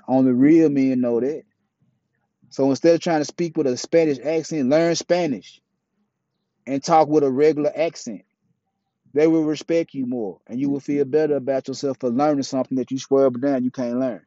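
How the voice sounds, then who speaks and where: A man's voice: mid-range voice, steady tone, normal speed, mellow, no echo. A man talking bluntly and profanely in a casual, opinionated monologue. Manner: blunt, profane, preachy street talk. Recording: dull, dry, lo-fi mic.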